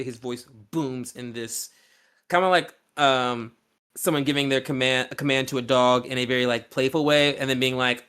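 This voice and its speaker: A man's voice: mid-range voice, steady tone, normal speed, fairly bright tone, clear, resonant tone. A man as game master, narrating a scene loosely with many fillers and restarts.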